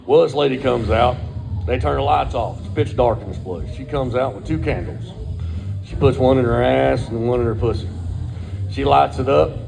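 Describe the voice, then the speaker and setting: A man's voice: mid-range voice, moderate pace, gravelly, music in the background. A middle-aged man, telling a crude, profane personal story in a laid-back way.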